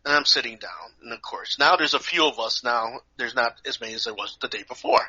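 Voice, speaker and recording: A man, a podcast co-host, telling a lively story in casual chat, acting out the people in it, in a dull lo-fi recording. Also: medium pitch, brisk, husky. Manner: animated, acts out voices.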